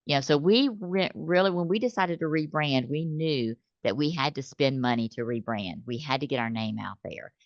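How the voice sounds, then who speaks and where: A woman, a business owner being interviewed, who talks in an animated way and acts out her customers' phone calls. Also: deep voice, moderate pace, hardly any pauses, no echo. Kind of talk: conversational interview. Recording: slightly dull dry recording.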